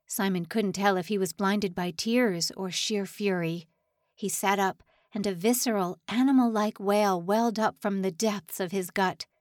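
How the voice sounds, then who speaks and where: A woman's voice: medium pitch, unhurried, dry recording, studio quality. A woman narrating a suspense novel audiobook in a dramatic, tension-building read. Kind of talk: scripted narration.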